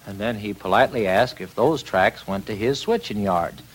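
A man's voice: on the low side, moderate pace. A man telling a children's story on old-time radio with a folksy rural drawl. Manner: folksy rural drawl with lively ups and downs. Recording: crackly old radio transcription.

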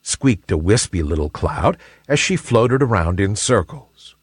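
Man reading a children's story, slow pace, very animated pitch, dry close sound. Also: husky, dry recording. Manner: expressive, unhurried.

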